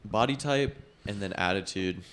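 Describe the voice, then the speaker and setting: A man's voice: fairly low pitch, moderate pace, fairly bright tone, slight background noise. A man co-hosting a podcast, telling stories in a laid-back, blunt way. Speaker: podcast co-host. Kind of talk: casual chat.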